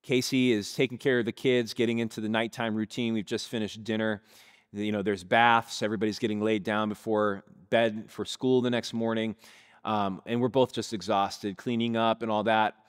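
A male pastor with a smooth, lowish voice preaches on a stage mic in a church sanctuary, telling a vivid story and addressing his congregation directly. The church hall gives the recording a long reverb.

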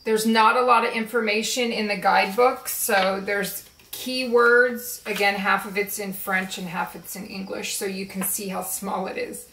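A woman chatting casually and slowly about her favorite card decks, with relaxed fillers as she shows them. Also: medium pitch, recorded from a distance, a little hiss or hum. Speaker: spiritual video creator. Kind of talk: casual show-and-tell chat. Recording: roomy echo, voice a bit off-mic.

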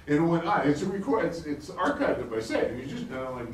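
A middle-aged man giving a live conference talk in an animated, excitable way, laughing as he speaks. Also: a little high, fast, few pauses. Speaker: conference speaker, energy advocate. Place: conference hall. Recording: roomy hall, distant mic, faint ambience.

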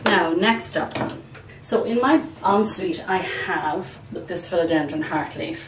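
Chatty woman, low voice, echoey room. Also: takes it slowly. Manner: chatty, rambling, often says "guys". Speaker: plant vlogger. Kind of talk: casual chat while repotting plants. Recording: echoey room, distant mic, background noise.

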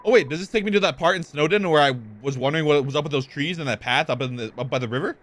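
A man's voice: fairly high pitch, quick pace, hardly any pauses, soft background music. A young man doing live, joking gameplay commentary as a streamer, swearing casually. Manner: animated, swears casually, jokes.

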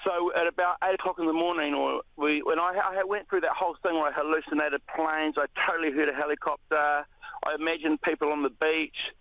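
A New Zealand man, a radio interview guest, recounting an ordeal in a halting way with many restarts. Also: a little high, dry recording, low-quality recording. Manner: halting, many restarts, animated when retelling shouts.

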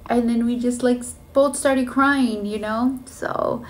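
A woman's voice: a little high, fairly even intonation, takes it slowly. A woman telling her story in a casual vlog, earnest and emotional, with many fillers like "you know" and "like.". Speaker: flight attendant vlogger. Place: hotel room on a layover.

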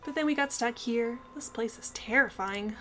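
A woman's voice: fairly high pitch, normal speed, fairly bright tone, a little hiss or hum, natural voice. A woman voicing a bubbly young hippie girl, gushing over game music. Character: cheery young hippie girl who loves chaos.

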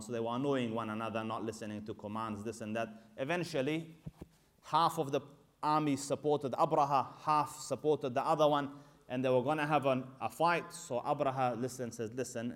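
A male Islamic teacher tells sacred history in a relaxed, conversational lecture style. He slips briefly into the characters' lines as he goes. His voice sits at a medium pitch for a man. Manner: conversational storytelling that acts out dialogue.

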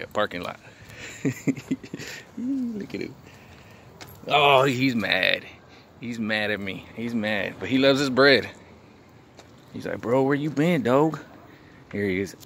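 A man casually vlogging outdoors in a parking lot, playfully cooing at a pet rabbit in a higher voice. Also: fairly bright tone, a little hiss or hum. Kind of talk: casual vlog.

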